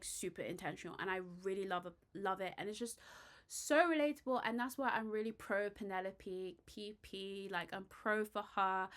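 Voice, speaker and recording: A British woman vlogger chatting casually and excitedly about a TV romance, gushing and getting loud at times. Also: mid-range voice. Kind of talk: casual chat about a TV show.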